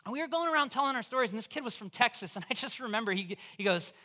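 A preacher giving a conversational, animated sermon in church, putting questions straight to the listeners. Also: mid-range voice, very fast. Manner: acts out voices in quotes.

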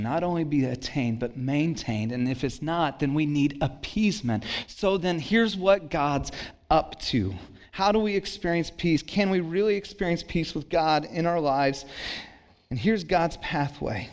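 A pastor preaching a sermon in church, moving between hushed and emphatic delivery and calling on the congregation. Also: male voice, on the high side, a little slow. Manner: calls on the congregation for responses.

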